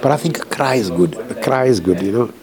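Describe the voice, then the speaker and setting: A man's voice: mid-range voice, expressive, fast talker, a crowd in the background. A man, a composer, talking candidly and emotionally in a rambling, profane way from a hospital room.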